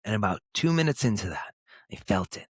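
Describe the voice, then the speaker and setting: A man in his thirties hosting a podcast, speaking earnestly and emphatically in short, punchy phrases with pauses. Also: fairly low pitch, very animated, husky, no room sound, studio quality. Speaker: podcast host. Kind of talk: motivational podcast monologue.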